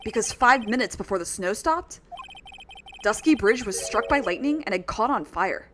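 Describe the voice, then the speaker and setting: A woman reading aloud the lines of an earnest young male defense attorney from a game, in a plain steady voice. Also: a little high, normal speed, noisy background, lightly acted.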